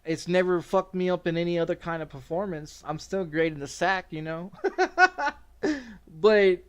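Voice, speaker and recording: A man's voice: a little high, fairly even intonation, normal speed, clean tone. A middle-aged man telling a long, rambling personal story with lots of swearing and frequent laughter, as a streamer talking casually. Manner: rambling, profane, laughing often.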